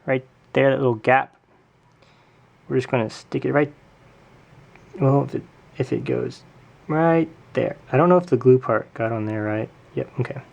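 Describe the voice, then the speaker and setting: A man's voice: mid-range voice, moderate pace, gravelly, pauses often, a little mellow, muffled recording. A man hosting a casual hands-on craft tutorial at home, chatting and correcting himself with jokey asides as he works. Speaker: tutorial host.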